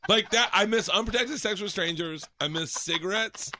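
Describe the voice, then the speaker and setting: A tipsy man telling rowdy stories in casual chat, laughing and breaking into animated impressions. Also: high-pitched, normal speed, few pauses, background noise. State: tipsy from drinking.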